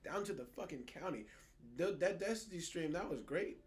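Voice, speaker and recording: A young man co-hosting a podcast in casual political chat, animated and profane, often mocking other people's words. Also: high-pitched, moderate pace, faint music behind. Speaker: podcast co-host.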